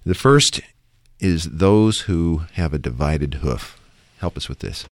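An extremely deep male voice guides a radio Bible study, moving the talk along with calm, brisk transitions. The recording is dry and close. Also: no room sound. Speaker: radio Bible program host. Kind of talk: guiding a studio discussion.

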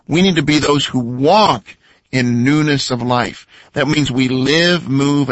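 An earnest male speaker who lays out his points step by step in a measured, steady way. His voice is a bit high for a man, and the sound is dry and close. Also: no echo, dull audio. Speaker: radio program co-host. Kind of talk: scripted teaching talk.

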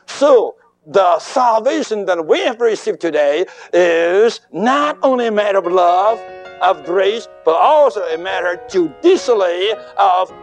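High, animated preaching man. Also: faint music behind. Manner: emphatic, deliberate preaching in short phrases. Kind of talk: sermon.

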